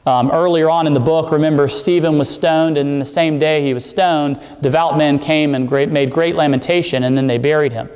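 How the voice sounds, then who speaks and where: A man preaching a sermon, explaining scripture and climbing in pitch on the words he stresses. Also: darkish tone, in a large hall. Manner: expository preaching, rising emphasis on key words. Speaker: pastor.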